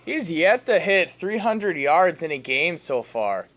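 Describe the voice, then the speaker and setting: A man with a high voice co-hosts a casual fantasy football chat. He sets up each segment plainly and keeps it matter-of-fact. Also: big pitch swings, slow pace, a bit bright. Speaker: fantasy football podcast co-host.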